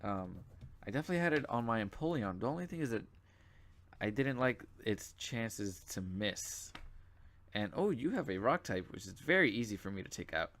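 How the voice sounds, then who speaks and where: A man's voice: on the low side, sing-song, normal speed, fairly bright tone. A young man casually commenting on his own gameplay as a channel host, sleepy and yawning, rambling with lots of fillers and asides.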